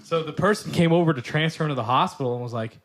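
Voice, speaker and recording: A man's voice: on the high side, quick pace. A man co-hosting a podcast in casual chat, retelling a story and laughing often. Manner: retells stories with quoted voices, laughs often. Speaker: podcast co-host.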